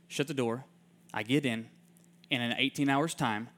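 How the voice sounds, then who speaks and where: A man preaching in a storytelling way. He acts out the people he quotes, and his voice drops soft and hushed in heartfelt moments. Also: mid-range voice, moderate pace, pauses often. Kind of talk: sermon storytelling.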